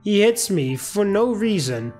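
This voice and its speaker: A man's voice: high-pitched, sing-song, unhurried, darkish tone, faint music behind, pitched above the performer's own voice, full character voice. A man reading the lines of a moody, defensive teenage girl from a visual novel in a slightly raised voice. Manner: curt, defensive lines read aloud.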